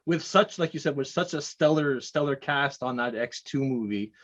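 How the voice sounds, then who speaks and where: A man's voice: medium pitch, normal speed, fairly bright tone. A man hosting an interview, asking questions in an eager, chatty way that tips into laughter. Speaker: podcast host. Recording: dull lo-fi recording.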